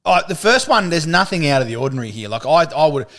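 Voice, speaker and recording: A man's voice: on the high side, very animated, fast, fairly bright tone. An Australian man co-hosting a podcast, rambling with fillers and the odd swear in casual chat. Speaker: podcast co-host.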